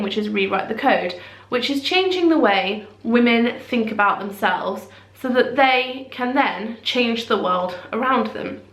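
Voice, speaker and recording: A woman's voice: on the high side, a bit bright. A woman vlogging to camera in a chatty, self-deprecating way, with rambling asides. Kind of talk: casual talk to camera. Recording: echoey room.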